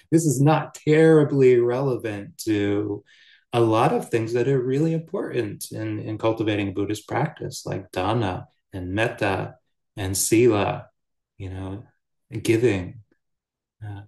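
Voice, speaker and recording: A man giving a relaxed, storytelling dharma talk as a Buddhist teacher. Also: fairly low pitch, creaky. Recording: roomy echo.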